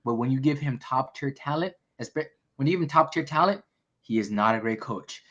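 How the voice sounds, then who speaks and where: Bright-voiced man arguing basketball. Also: mid-range voice, expressive, brisk, lo-fi sound. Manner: argumentative, corrects and pushes back. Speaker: podcast co-host. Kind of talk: casual sports talk.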